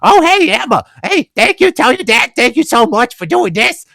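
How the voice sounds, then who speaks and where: A chirpy cartoon crocodile narrator , put on by a man, pitched way up above a normal speaking voice. It sounds eager and friendly, like a children's show host talking to a kid. The delivery is bright and springy. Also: sing-song, normal speed, gravelly, no room sound, clean studio sound, full character voice. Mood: cheery. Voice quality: high, bright and bouncy.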